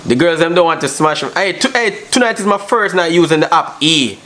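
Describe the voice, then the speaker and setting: A man's voice: a little high, expressive, fairly quick, bright, forceful tone. Brash man. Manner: brash, teasing, slangy, repeats himself. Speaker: vlogger on a video chat app. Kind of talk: casual banter with strangers. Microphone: phone on a video call app. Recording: noisy phone recording.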